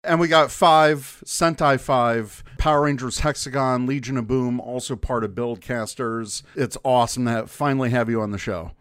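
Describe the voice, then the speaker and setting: An enthusiastic man hosts a podcast in an easygoing, chatty way, at an ordinary mid pitch. He laughs easily and keeps things upbeat while introducing his guests. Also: fairly even intonation, moderate pace, hardly any pauses, a bit bright, smooth, no echo. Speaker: podcast host. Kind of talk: casual podcast chat and show intro.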